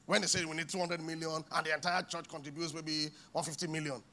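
Animated pastor, high bright voice. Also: male voice, quick pace. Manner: animated, acts out little scenes with voices, laughs often. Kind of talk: sermon. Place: church.

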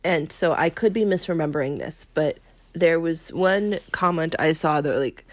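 A woman's voice: deep voice, moderate pace, no room sound. Woman co-host, hesitant and giggly. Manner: hesitant, filler-heavy, giggly. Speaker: podcast co-host. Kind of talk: casual chat.

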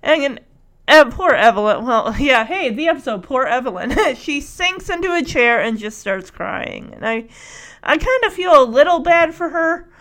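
Woman host, high voice, casual sarcastic recap chat with frequent laughs. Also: animated, moderate pace, fairly bright tone. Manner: chatty, sarcastic, laughs often.

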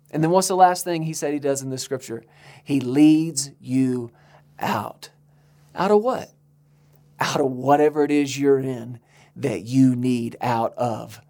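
An American man preaching a sermon, emphatic, slowing down on key words and rising high on appeals. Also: darkish tone. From United States.

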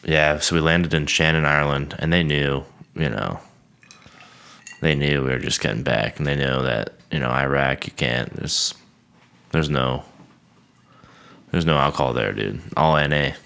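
A man, a military veteran hosting a podcast, in casual chat over drinks, talking in a flat monotone and swearing freely. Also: very deep voice, normal speed, gravelly, long pauses. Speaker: podcast host.

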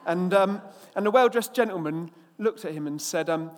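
A male preacher from England tells a lively anecdote, acting out its characters before moving into scripture. His voice sits a little high. It carries a long reverb, as if spoken in a large hall. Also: moderate pace, hardly any pauses. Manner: storytelling, lively and expressive, acts out the characters. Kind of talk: sermon with an opening anecdote.

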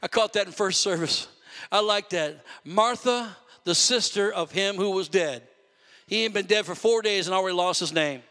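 High-voiced preaching man in a reverberant church. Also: moderate pace, bright, forceful tone. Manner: fervent preaching, calls out to the congregation. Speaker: pastor. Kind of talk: sermon. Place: church sanctuary.

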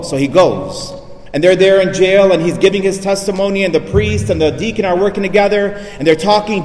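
A male priest delivering an emphatic sermon, dropping his voice low and soft on key lines. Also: a little fast. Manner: emphatic preaching, drops low and soft for weight. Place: church. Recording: echoey church reverb.

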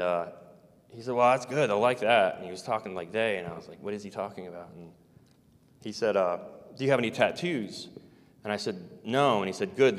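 A man who served in the navy, recounting a personal experience in a casual, meandering way, with hesitations and soft chuckles. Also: lowish voice. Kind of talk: casual first-person account. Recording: long hall reverb.

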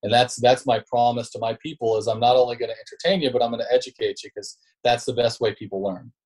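A man's voice: mid-range voice, fairly even intonation, quick pace, darkish tone, breathy edge. A man guesting on a podcast as a sales leader, telling stories in a loose, slangy way. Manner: laid-back, slangy, says bro and dude. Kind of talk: casual storytelling interview talk.

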